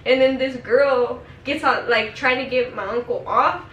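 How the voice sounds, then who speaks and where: A young woman telling family stories in casual chat, animated and quick to laugh. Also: high-pitched, roomy sound, recorded from a distance, lo-fi sound, a little hiss or hum.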